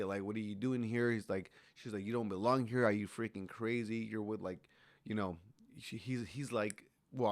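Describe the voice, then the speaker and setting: Low-ish guy rambling through an episode recap, lots of ums, dry sound. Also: dry recording. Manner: rambling, many fillers and restarts. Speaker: show recap host.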